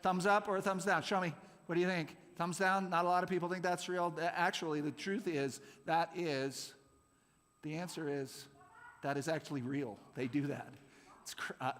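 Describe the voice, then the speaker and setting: A man's voice: sits high, expressive, measured pace, fairly bright tone. A man running a playful real-or-fake quiz with a youth group at a church service, jokey and laughing often. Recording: long hall reverb.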